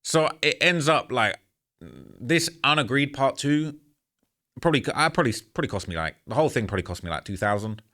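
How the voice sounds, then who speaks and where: Speaking briskly with lively intonation, a man tells a story straight to camera as a YouTuber. His mid-range voice has a sharp edge, and the candid, rambling monologue comes across as frustrated yet earnest, peppered with "man" and "bro."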